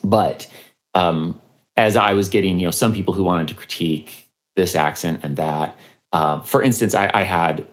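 A man's voice: low voice, moderate pace. A man, a historian and podcaster, telling a story in an interview, with many fillers and restarts.

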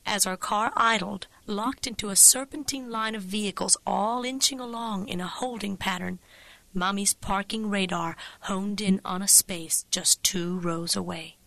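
A woman narrating a comic personal story with a wry, vivid, expressive delivery on a close studio mic. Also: medium pitch, normal speed, gravelly, no room sound, rough recording.

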